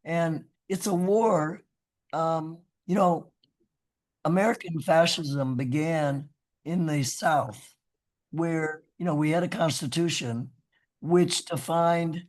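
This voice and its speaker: A man's voice: on the high side, slow pace. A man with a scratchy voice, a professor giving a rambling, earnest talk on a video call, with frequent restarts and "you know". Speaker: guest speaker, professor. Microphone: video call microphone.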